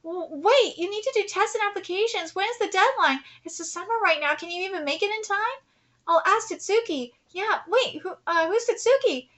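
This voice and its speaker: Very high, bright-voiced woman reading manga. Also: expressive, brisk. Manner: emotional, near tears, laughing asides. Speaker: streamer reacting to manga. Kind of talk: reading manga aloud with live reactions.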